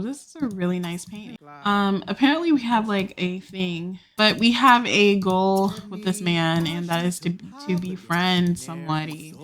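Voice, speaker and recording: A woman's voice: on the low side, a bit bright. A young woman hosting a casual let's play, chatting and inventing stories for her characters as she plays, recorded on a desktop microphone. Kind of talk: casual gameplay narration. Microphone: desktop USB mic.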